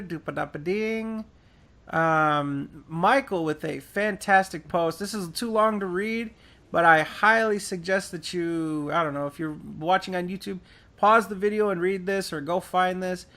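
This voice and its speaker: A man's voice: sits high, unhurried, sharp tone. A man hosting a podcast, casually reading forum posts aloud in a laid-back, profane way with lots of fillers. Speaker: podcast host.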